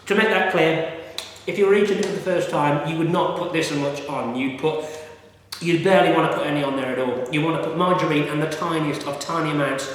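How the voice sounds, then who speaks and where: Brief: rambling vlogger, filler-heavy, very echoey recording. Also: male voice, fairly high pitch, fast. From United Kingdom. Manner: rambling, chatty, many fillers and restarts. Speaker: food reviewer. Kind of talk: casual vlog talk. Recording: echoey room with long reverb.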